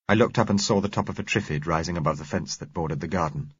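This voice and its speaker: Male audiobook narrator, deep voice, husky, measured, dull lo-fi dry recording. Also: no echo. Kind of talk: scripted first-person narration.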